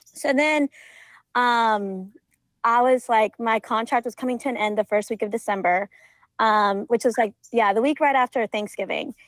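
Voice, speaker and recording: A woman's voice: on the high side, normal speed, no echo, rough recording. A young woman from Georgia telling a story in casual conversation as a podcast guest, full of filler words and frequent laughter. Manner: chatty, leans on filler words and laughs often.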